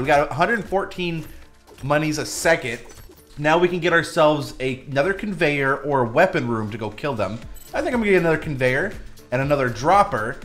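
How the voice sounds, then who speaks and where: An excitable man hosting casual gameplay commentary, his voice pitched a bit high and swinging widely. He jokes and bickers with friends as he plays, with faint game music behind him. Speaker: gaming YouTuber host.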